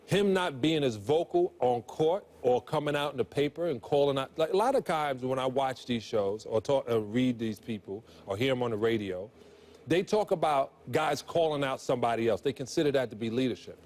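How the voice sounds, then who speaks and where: A man's voice: medium pitch, lively intonation, a little fast, a little mellow. A man in his forties on a sports talk show, giving his view earnestly and rambling through restarts. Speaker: sports analyst.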